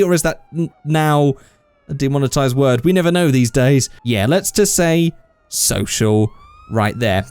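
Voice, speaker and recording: A man's voice: on the high side, a little mellow, clean tone, dry recording. A man giving casual, rambling gameplay commentary as a channel host, thinking aloud as he goes.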